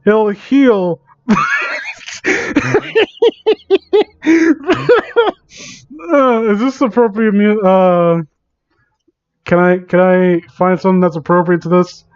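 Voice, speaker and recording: A man's voice: sits high, fairly even intonation, normal speed, a little mellow, smooth, no room sound. A man reading fan fiction aloud for comedy, stumbling over words and rambling in asides, on a dull lo-fi mic.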